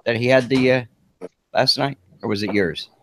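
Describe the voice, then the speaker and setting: A man's voice: medium pitch, moderate pace, a little hiss or hum. A man on a live online call-in show, casually recounting events in a rambling, hesitant way with many fillers. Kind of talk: casual chat.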